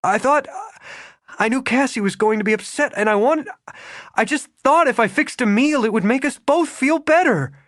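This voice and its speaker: A man voicing a tense, proper young woman in an audiobook, indignant and clipped, his voice raised well above its usual pitch. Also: animated, normal speed, fairly bright tone, dry recording, studio quality. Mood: pleading. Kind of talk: audiobook character voice.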